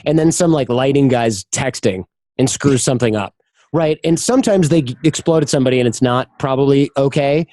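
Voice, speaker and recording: A man on a podcast as a guest candidly shares personal stories during a casual interview, frequently acting out quoted voices. His voice is on the high side yet dark in tone, with no echo.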